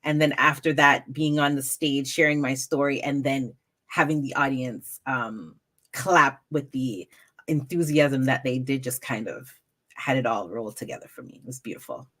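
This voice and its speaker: A woman with a low, dark voice talks in a relaxed interview as a storyteller. She is animated and slips into the voices of the people in her stories. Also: moderate pace. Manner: animated, acts out quoted moments with raised pitch. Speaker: storyteller guest. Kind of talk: casual interview chat.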